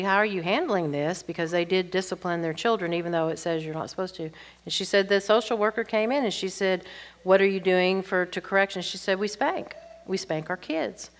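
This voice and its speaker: An older woman with a slightly low voice reads audience questions aloud and answers them candidly, weaving in chatty personal stories. The sound carries the long reverb of a large hall.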